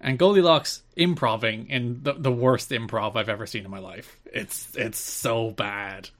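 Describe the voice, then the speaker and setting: A man in the middle of his usual register chats on a podcast. He walks through what happened step by step in loose run-on sentences, wry and unhurried. It sounds like relaxed conversation between co-hosts. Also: mid-range voice. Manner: recaps events in long wry run-on retellings. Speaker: podcast co-host. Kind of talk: casual chat.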